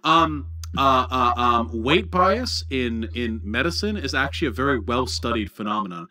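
Animated mocking man with a bright voice. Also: medium pitch, moderate pace. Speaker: streamer commenting on a video. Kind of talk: livestream commentary.

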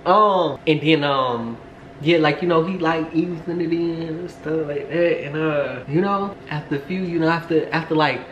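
A man's voice: a little high, normal speed, dull audio. Young man rambling through a storytime vlog. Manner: animated, rambling, many fillers and asides. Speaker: storytime vlogger. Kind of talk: casual storytelling to camera. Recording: echoey room, faint background hum.

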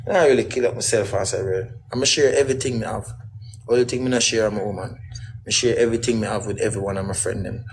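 A man's voice: fairly low pitch, steady tone, racing, a little hiss or hum, low-quality recording. A middle-aged man, guest in a casual interview, talking in rambling, emphatic patois.

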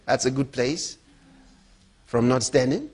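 A middle-aged pastor preaches a sermon with emphasis, swinging between loud outbursts and low, quiet storytelling. His voice is husky and expressive, and he speaks slowly.

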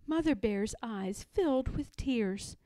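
A woman reading a children's picture book aloud in a slow, expressive, sing-song way. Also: on the high side, no room sound. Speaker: storybook reader.

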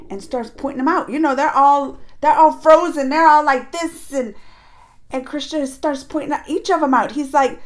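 High-voiced excitable woman retelling a show. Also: moderate pace. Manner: excitable, animated storyteller. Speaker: reaction video host.

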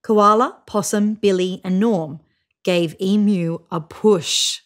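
A woman reading a children's picture book aloud in an expressive storytelling manner. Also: medium pitch, takes it slowly. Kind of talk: read-aloud storybook narration.

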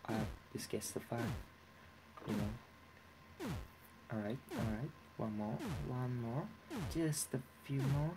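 A young man giving casual, profane commentary while playing a game, excitable and talking to himself. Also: mid-range voice, unhurried, noisy background. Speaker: let's play gamer.

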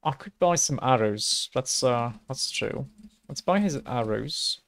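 A young man casually commenting on his gameplay in a chatty, rambling, low-key way. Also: expressive, measured pace, gravelly, fairly bright tone. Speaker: let's play host.

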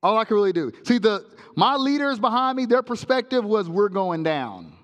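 A male pastor preaching a sermon, telling a comic story with sound effects in an animated way. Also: very high-pitched, brisk, in a large hall. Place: church sanctuary.

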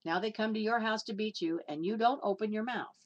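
A woman's voice: mid-range voice, a little fast, lo-fi sound. Emphatic woman preaching a sermon. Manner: emphatic, questioning the listeners, acting out quotes.

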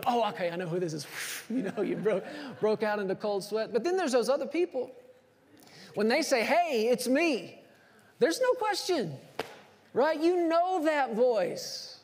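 Pastor, male, higher voice, animated sermon delivery, reverberant church. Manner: animated storyteller, acts out phone calls. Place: church sanctuary.

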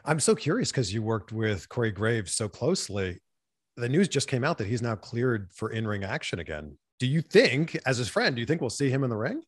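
Male host, mid-pitched, enthusiastic questions, dry sound. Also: very animated, brisk, husky, dry recording. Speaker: interview host. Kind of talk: interview questions.

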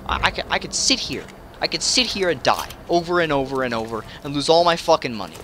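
Male let's-play host, furious profane rant, stammers; tense bright voice, lively pitch. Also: brisk, a little hiss or hum. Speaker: gamer. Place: at home playing on a television.

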